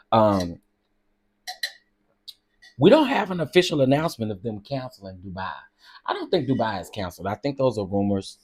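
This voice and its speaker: A man's voice: medium pitch, big pitch swings, moderate pace, pauses often, a little mellow, no room sound, studio quality. A man hosting a livestream, chatting casually and gossiping as he reads out comments. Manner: chatty, gossipy, says "y'all" and "girl". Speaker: livestream host. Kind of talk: casual chat reading comments.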